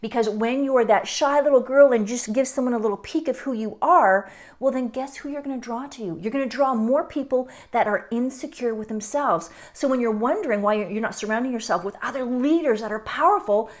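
A woman's voice: a little high, a little fast. A middle-aged woman hosting her own podcast, giving a blunt, emphatic motivational monologue with some swearing. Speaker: podcast host.

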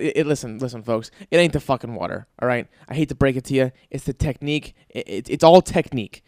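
A man's voice: mid-range voice, quick pace, hardly any pauses, darkish tone, dry recording. A man hosting his own podcast, ranting with heavy swearing in an exasperated comedic monologue. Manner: profane, exasperated rants. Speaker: podcast host.

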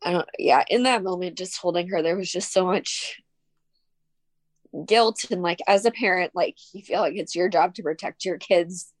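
A young woman talks through tears, gently and haltingly, filling her sentences with "like." Her voice sits a little low and is recorded close and dry, with no room sound. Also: no room sound. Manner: soft-spoken, tearful, frequent "like" fillers. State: tearful. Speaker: guest. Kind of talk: emotional personal conversation.

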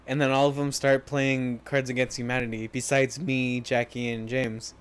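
A man's voice: mid-range voice, little pitch movement, normal speed, clean tone. A young man casually telling stories with a friend, swearing and chuckling as he goes. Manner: laid-back, swearing, chuckling. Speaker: podcast co-host. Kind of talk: casual storytelling chat. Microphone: headphones on, recording the chat.

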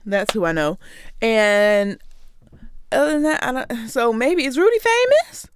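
A woman's voice: fairly high pitch, animated, slow, smooth, dry recording, studio quality. A woman hosting a show, delivering a sarcastic, exasperated comedic rant straight to her listeners. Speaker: podcast host.

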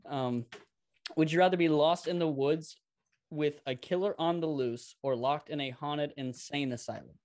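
A man's voice: on the high side, moderate pace, a little mellow. Laid-back swearing guy chatting. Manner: swears freely, rambling, laughs often. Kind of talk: casual chat.

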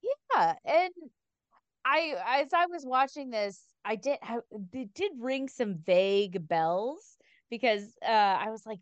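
A woman's voice: a little high, lively intonation, slow, clean tone, no echo. A woman co-hosting a podcast, chatting casually with blunt, sarcastic opinions and heavy swearing. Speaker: podcast co-host. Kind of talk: casual chat.

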